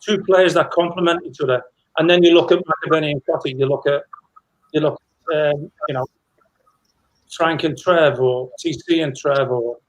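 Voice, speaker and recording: A man's voice: fairly high pitch, moderate pace, poor audio. A middle-aged man, a former footballer, telling anecdotes in a rambling casual chat with many restarts.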